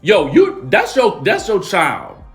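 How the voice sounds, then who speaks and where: Male gossip host, slightly high-pitched, animated and emphatic, light music bed. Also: takes it slowly. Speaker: celebrity gossip YouTuber. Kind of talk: reality TV recap commentary.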